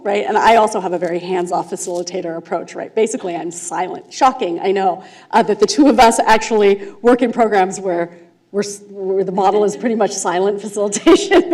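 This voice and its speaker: A woman speaking at a conference, telling a case story in an animated way, laughing often and checking in with "right?". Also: mid-range voice. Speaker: conference speaker, restorative justice facilitator. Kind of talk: storytelling talk to a conference audience. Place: conference room.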